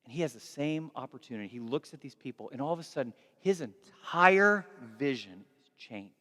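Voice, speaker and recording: A man preaching a sermon, animated and acting out dialogue, moving from hushed lines to shouts. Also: mid-range voice, brisk, long reverb tail. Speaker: pastor.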